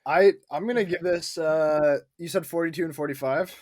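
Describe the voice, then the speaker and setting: A man's voice: on the high side, normal speed, a little mellow, no room sound, studio quality. A man co-hosting a podcast, ranting emphatically and with scorn, swearing as he goes. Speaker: podcast co-host. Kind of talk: casual movie review chat.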